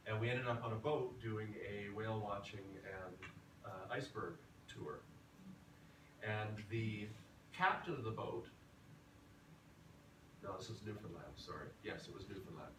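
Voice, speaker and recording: A man's voice: on the low side, measured pace, long pauses. Male voice teacher, easygoing lecture, distant roomy mic with background noise. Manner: relaxed, chatty, tells anecdotes. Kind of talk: lecture to a class. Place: classroom or rehearsal hall. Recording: roomy, from far off, noisy.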